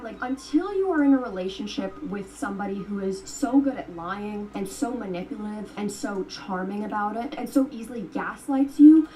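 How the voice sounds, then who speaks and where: A woman's voice: mid-range voice, lively intonation, normal speed, hardly any pauses, mellow, recorded from a distance, a little hiss or hum, low-quality recording. A woman recounting a story in casual vlog commentary, chatty and blunt, with frequent swearing and many uses of "like.". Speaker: storytime vlogger.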